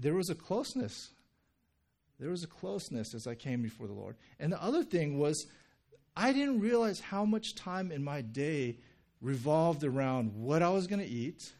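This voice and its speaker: A male pastor giving a sermon in a relaxed, conversational way, often checking in with "right?" and telling stories with acted quotes. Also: a little high. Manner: conversational, frequent "right?" and "like" asides.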